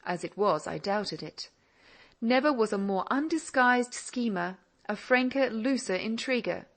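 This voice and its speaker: A woman narrating a classic novel in an audiobook, measured and reflective. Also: on the high side, lively intonation.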